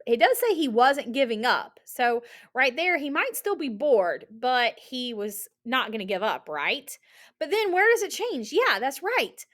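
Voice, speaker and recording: Lively, bright-voiced woman teacher. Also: high-pitched, unhurried. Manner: animated, encouraging, asks many rhetorical questions. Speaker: elementary reading teacher. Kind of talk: recorded classroom lesson for children.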